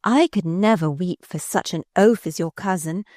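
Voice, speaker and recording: A woman reading the part of a large, florid young woman who speaks slowly and bluntly. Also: fairly low pitch, a little mellow, no echo, studio quality, lightly acted. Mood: scornful.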